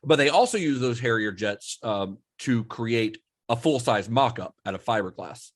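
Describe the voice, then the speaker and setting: A man's voice: medium pitch, lively intonation, moderate pace, no echo, clean studio sound. A man hosting a podcast, telling a film story in a casual, rambling way with many fillers and laughs. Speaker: podcast host.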